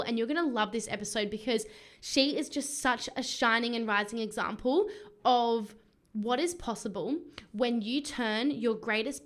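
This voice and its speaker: A woman's voice: fairly high pitch, a bit bright. An Australian woman in her late twenties or thirties hosting a coaching podcast, talking in a gushing, enthusiastic way. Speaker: podcast host and business coach. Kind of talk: podcast monologue.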